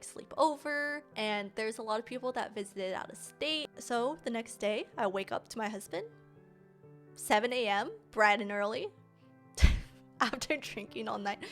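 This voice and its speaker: A young woman streamer telling a personal story casually, animated and slangy, often laughing. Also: a little high.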